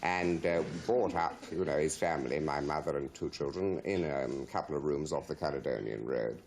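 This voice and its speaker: A man's voice: a bass voice, moderate pace, vocal fry, darkish tone, slight background noise. A man being interviewed in an archive clip, drawing out his vowel sounds in a theatrical way.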